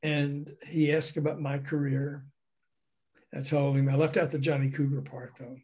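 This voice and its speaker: Older man from the South, slightly high voice, a storyteller who acts out the voices in his tales. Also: normal speed, husky. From American South. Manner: animated, acts out the voices in his stories, laughs often. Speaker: guest recounting a music industry career. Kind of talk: anecdotal storytelling in an interview.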